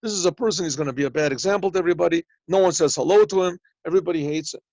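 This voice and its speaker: A man speaks with a fairly high pitch at a very fast clip, his tone a little mellow and free of echo. He is a rabbi teaching a yeshiva class, giving a Torah lesson over a video call in plain talk, translating Hebrew phrases as he goes and acting out small dialogues in his stories. The call audio is slightly muffled and lo-fi.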